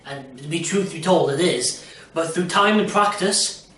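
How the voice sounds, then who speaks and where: Young guy rambling on about acting, kinda high voice, off mic, echoey room. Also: animated, a little slow, fairly bright tone, distant mic. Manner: rambling, jokey, lots of "you know". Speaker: aspiring performer. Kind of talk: casual self-recorded audition talk.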